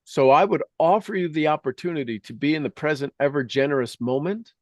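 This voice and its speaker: A man's voice: fairly high pitch, fairly quick, dry recording, clean studio sound. A middle-aged man telling rambling, enthusiastic stories as the host of a spoken meditation. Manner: earnest, enthusiastic, rambling storytelling.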